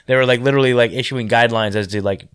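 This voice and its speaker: A man's voice: mid-range voice, fairly even intonation, rapid-fire, fairly bright tone, smooth. A man from the United States, speaking in an incredulous, mocking way in casual chat.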